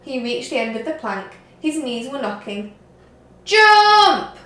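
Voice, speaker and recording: A woman teacher reading a story aloud to young children, slowly and expressively. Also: a little high, reverberant. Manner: slow, expressive read-aloud. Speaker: reception teacher.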